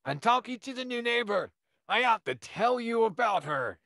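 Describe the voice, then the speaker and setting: A man's voice: extremely high pitch, very animated, normal speed, vocal fry, sharp tone, no echo, studio quality, heavily acted. A man voicing an overexcited, friendly young neighbor who gushes and stammers, in a listener role-play. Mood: excited. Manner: eager, gushing, stammering.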